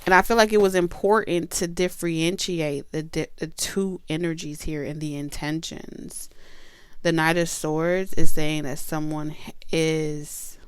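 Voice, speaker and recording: A woman's voice: low voice, steady tone, measured pace, smooth, no echo. A woman giving a casual tarot reading, chatty and emphatic, cursing freely and talking straight to her viewers. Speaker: tarot reader.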